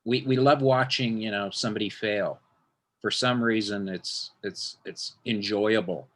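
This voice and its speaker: A man's voice: on the low side, steady tone, unhurried, a bit bright. A man, a magician, talking in a casual interview, rambling with frequent restarts and acting out quotes.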